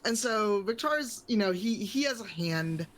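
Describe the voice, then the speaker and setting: A woman's voice: mid-range voice, animated, measured pace. Rambling woman at a tabletop game. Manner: rambling, full of likes and ums. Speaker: player. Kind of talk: casual tabletop play.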